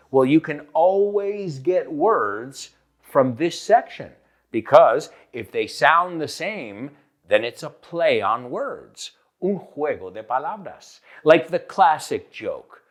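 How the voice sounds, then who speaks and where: A man with a Northeastern US accent hosting a playful, energetic English lesson, switching between English and Spanish, with an announcer-style delivery. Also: mid-range voice. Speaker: English teacher and host.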